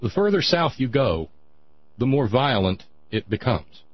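A man hosting a sarcastic political commentary monologue, mocking and dry, with a husky voice. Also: medium pitch, very animated, measured pace, dull audio. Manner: sardonic, mocking, dry asides.

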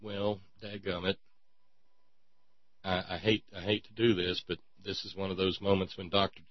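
A man's voice: low-pitched, level tone, normal speed, no room sound, dull audio. A man hosting a satirical talk show, delivering a mock-preacher monologue in a folksy, sarcastic drawl.

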